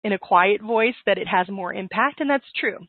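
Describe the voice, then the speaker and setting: Woman, divorce coach, calm steady advice, tinny phone-like sound, dry. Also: mid-range voice, moderate pace, dry recording. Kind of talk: advice talk in an interview.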